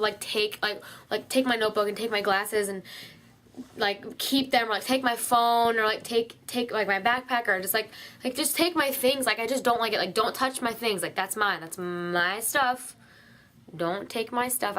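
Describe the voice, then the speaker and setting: A woman's voice: medium pitch, fairly bright tone. A teenage girl ranting casually to camera about her pet peeves, filling every phrase with "like" and restarting often. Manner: chatty, heavy use of "like", many restarts. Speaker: vlogger.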